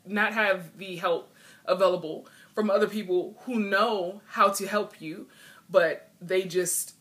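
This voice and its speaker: A woman's voice: on the low side, a bit bright. A woman vlogging in earnest, frank talk, a bit emotional and frustrated as she speaks. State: a little emotional. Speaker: video blogger. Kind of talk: heartfelt vlog talk.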